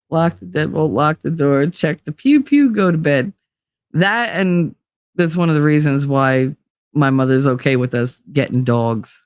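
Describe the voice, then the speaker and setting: A woman's voice: sits low, no echo, studio quality. A middle-aged woman vlogging in casual chat, blunt and profane as she tells stories from home life. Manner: blunt, profane, animated storytelling.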